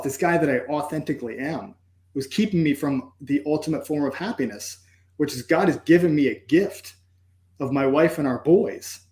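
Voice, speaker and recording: A man's voice: on the high side, darkish tone, roomy sound. A man, a podcast guest, telling a personal story in an earnest, reflective way and acting out his own inner thoughts. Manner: earnest, reflective, acts out inner dialogue with "I'm like".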